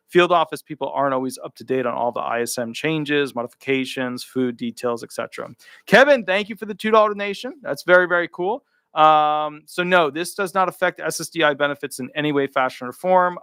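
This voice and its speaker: A man's voice: mid-range voice, fairly bright tone, dry recording, studio quality. A man working as a disability attorney, giving live commentary while reading a rule aloud, with emphatic repeated words and offhand asides between the passages.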